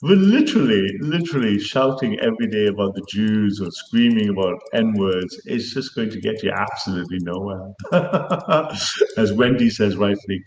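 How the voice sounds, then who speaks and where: A man hosting a livestream chat, rambling, swearing and laughing often, tired. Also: on the low side. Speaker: livestream host. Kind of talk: casual political chat. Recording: echoey room.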